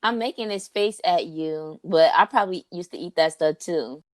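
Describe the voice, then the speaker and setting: A young woman co-hosting a podcast, telling stories in a casual, animated, slangy way. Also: lowish voice, normal speed, a crowd in the background. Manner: animated storyteller, slangy, says "like" and "bro" often. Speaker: podcast co-host. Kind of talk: casual chat.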